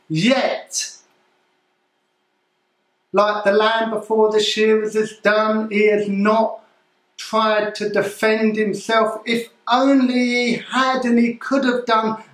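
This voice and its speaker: A male pastor preaches a sermon staged as a live news report, speaking gravely with halting restarts. His voice sits high for a man and moves at a slow, deliberate pace. The sound carries a noticeable room echo.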